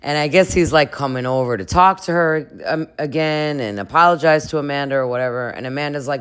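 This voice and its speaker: Low-voiced gossipy woman recapping. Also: a little fast, smooth. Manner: chatty, gossipy, laughing asides. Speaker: recap vlogger. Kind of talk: casual reality-show recap.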